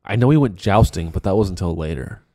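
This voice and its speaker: A man's voice: low voice, expressive, fast, mellow. A man co-hosting a podcast, telling a rambling story full of swearing and restarts. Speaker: podcast co-host. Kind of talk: casual chat.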